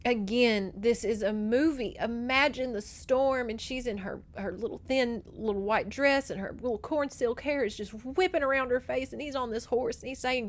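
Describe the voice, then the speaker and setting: A young woman hosting a book recap podcast, talking casually and getting emotional as she goes. Her voice sits a little high, and she swears freely and chats like she's talking to friends. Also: normal speed, hardly any pauses. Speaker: podcast host.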